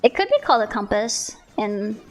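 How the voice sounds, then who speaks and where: A woman's voice: a little high, very animated, normal speed, soft background music. A young woman streamer chatting casually about viewer art, rambling with giggles and self-corrections. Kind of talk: casual chat.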